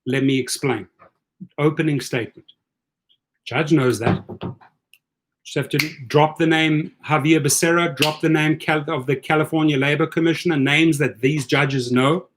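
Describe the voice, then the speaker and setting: A middle-aged man with a South African accent and a fairly high voice runs a livestream chat. He coaches his listeners with energy and tends to restart and repeat his words. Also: fairly even intonation, normal speed. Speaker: host. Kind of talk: livestream chat giving advice.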